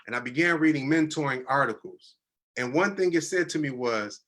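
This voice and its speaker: Man, 30s, bright voice, earnest storyteller, teary-eyed, casual and heartfelt. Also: medium pitch, a little fast. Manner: earnest, conversational, drops into quoted voices. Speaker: guest telling his life story. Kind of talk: emotional personal storytelling.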